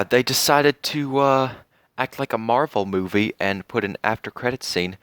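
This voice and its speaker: A young man giving a casual spoken review of a TV series, earnest and heartfelt, pausing often with fillers. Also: medium pitch, fairly even intonation, fairly bright tone, smooth, no echo, studio quality. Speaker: TV show reviewer.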